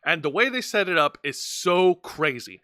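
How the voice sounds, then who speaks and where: A man hosting a wrestling podcast speaks in a bright, somewhat high voice, recorded close and dry. He explains events casually, tripping over words and restarting sentences. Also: sing-song, normal speed, dry recording. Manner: explanatory, stumbling restarts, laughing at partner. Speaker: podcast host. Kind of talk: casual wrestling review chat.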